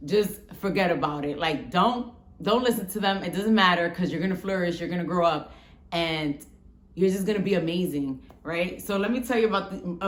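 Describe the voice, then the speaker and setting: A woman in her thirties from the Bronx with a Bronx accent and a rough voice, chatting frankly to camera and swearing freely as she tells a story. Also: on the low side, roomy sound. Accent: Bronx New York. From the Bronx, New York. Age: 30s. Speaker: vlogger.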